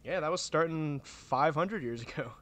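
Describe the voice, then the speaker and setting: A man's voice: fairly high pitch, moderate pace, fairly bright tone. A man co-hosting a podcast in loose, joking conversation, full of fillers. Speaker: podcast co-host. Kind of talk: casual chat.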